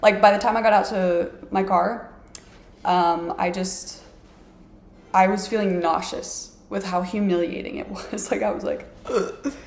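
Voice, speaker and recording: Gravelly-voiced woman vlogging in an echoey room. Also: medium pitch, fairly even intonation, unhurried. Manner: chatty, self-mocking, heavy use of "like". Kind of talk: casual storytelling to camera. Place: her apartment.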